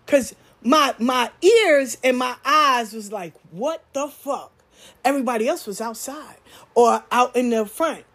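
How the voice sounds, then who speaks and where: High-pitched woman, blunt and profane, animated storyteller speaking candidly. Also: measured pace. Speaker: spiritual practitioner.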